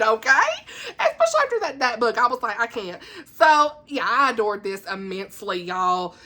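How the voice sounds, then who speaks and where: A woman giving a casual, chatty book review at home, animated and laughing, with dramatic asides. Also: a little high, normal speed.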